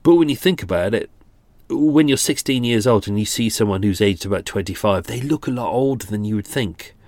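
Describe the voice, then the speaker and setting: A man's voice: fairly low pitch, expressive, fairly quick, darkish tone, no echo. Rambling man in his forties. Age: 40s. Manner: rambling, self-deprecating, many restarts. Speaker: podcast host. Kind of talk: casual true-crime commentary.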